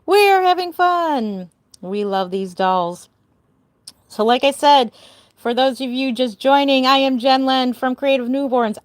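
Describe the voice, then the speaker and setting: A woman's voice: a little high, no room sound. Chatty older woman live streaming. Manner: chatty, bubbly, giggly, greeting viewers. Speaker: doll artist live streamer. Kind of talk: casual live stream chat.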